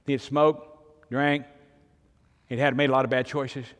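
A man's voice: medium pitch, level tone, a little slow. Older man preaching in a hall. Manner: storytelling, conversational with sudden emphatic rises. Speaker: pastor. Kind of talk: sermon.

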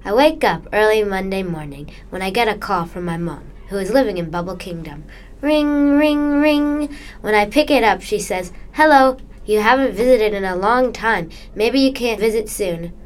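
A young girl reads her own children's story aloud, earnest and careful. Her voice sits in an ordinary middle pitch. The delivery is plain storytelling. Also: expressive, normal speed, few pauses, a little hiss or hum. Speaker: student author reading own story.

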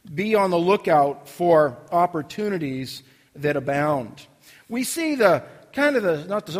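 A man's voice: fairly high pitch, long reverb tail. A man preaching a sermon in an earnest, conversational way, often restarting phrases and telling a story. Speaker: pastor.

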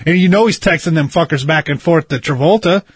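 Man, high voice, husky, swearing, insistent, rambling conspiracy talk. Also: fast talker, no room sound, clean studio sound. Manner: insistent, argumentative. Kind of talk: casual chat.

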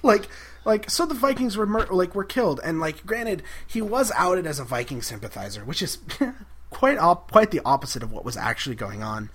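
A man with a fairly high voice and a bright, forceful tone recaps an episode in casual podcast chat. He gushes enthusiastically and giggles often. He fills his sentences with ums and likes. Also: big pitch swings, moderate pace, breathy edge. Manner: enthusiastic, giggly, lots of fillers. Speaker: podcast co-host.

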